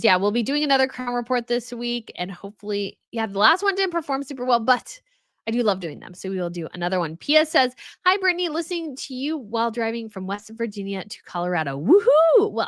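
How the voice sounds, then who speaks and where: A woman's voice: on the high side, a bit bright, no room sound, clean studio sound. An American woman hosting a casual live stream, reading viewer comments aloud and chatting about them. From United States. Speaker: royal news channel host reading live chat.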